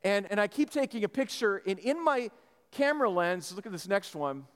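A man preaching a sermon in a church, telling a story in a lively way with many restarts. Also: high-pitched, normal speed, in a large hall. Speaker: pastor.

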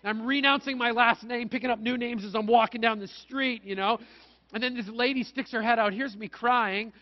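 A pastor from Manitoba, Canada, preaching a conversational sermon and telling stories with self-mocking humor. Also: male voice, very high voice, fairly even intonation, normal speed. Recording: dull, lo-fi sound.

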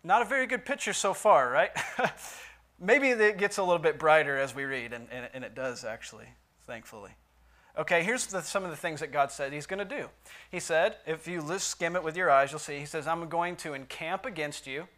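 A man's voice: fairly high pitch, expressive, a little fast, a bit bright. A man teaching a Bible study lesson in a conversational way, asking his listeners questions and reading scripture aloud with emphasis.

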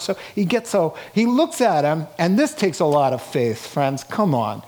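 A pastor preaching a sermon, telling stories with acted-out voices and joking with laughs between lines. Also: male voice, fairly high pitch, takes it slowly, a little hiss or hum. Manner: animated, acts out voices in his stories. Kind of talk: sermon with storytelling.

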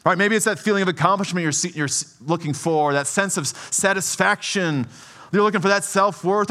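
Male pastor, bright and tense tone, animated conversational preaching. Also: high voice, brisk. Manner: conversational, often asks "right?"; animated, swings between soft and emphatic. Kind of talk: sermon.

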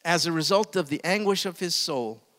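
Man, pastor preaching, hushed asides to booming peaks, bright tone, long hall reverb. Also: moderate pace. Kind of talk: sermon.

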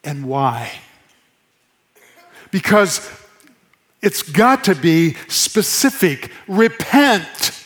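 A man preaching a sermon to his congregation in church, earnest, repeating phrases for emphasis and dropping to a soft hush. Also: on the high side, big pitch swings, extremely slow, long pauses. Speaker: pastor.

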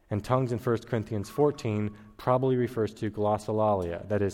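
A man's voice: lowish voice, warm tone, big-room sound. A man preaching an expository sermon, teaching in a methodical way and counting off his points one by one. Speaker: pastor.

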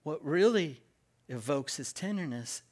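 Here a man acts as pastor, guiding his congregation through call-and-response. His sermon is unhurried and emphatic, marked by strong word stress and lively pitch variation.

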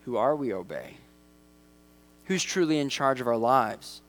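A man preaching a sermon in a conversational way, with lively asides and acted-out voices. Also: mid-range voice, unhurried. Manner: conversational, acts out quoted voices. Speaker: pastor.

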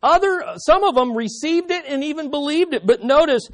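A man with a high-pitched voice preaches through a Bible passage, swinging between loud, emphatic bursts and quieter, confiding asides. He talks straight to his listeners and keeps checking that they follow him. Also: animated, moderate pace. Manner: emphatic, rises and falls in intensity, asks the congregation questions. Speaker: pastor. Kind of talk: expository sermon.

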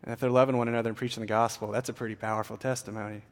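A man's voice: on the low side, level tone, rapid-fire, big-room sound. A man preaching a sermon as a pastor, earnest and conversational, with frequent fillers.

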